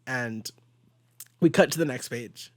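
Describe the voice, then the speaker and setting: A young man hosting a casual comic book podcast, giggly and animated as he recaps pages and quotes the dialogue. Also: medium pitch, a little slow, dry recording, studio quality. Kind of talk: casual chat.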